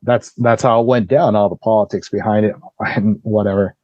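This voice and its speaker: A man's voice: fairly low pitch, steady tone, brisk, darkish tone, dry recording, dull audio. A man who is a podcast guest, recounting a personal ordeal in casual, blunt, profane storytelling full of "you know" and "like".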